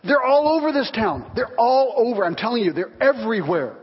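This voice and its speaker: A very high-pitched man with a breathy edge preaches at a fairly quick pace, acting out the voices of people in his lively stories. The sound is dull and full of hall reverb.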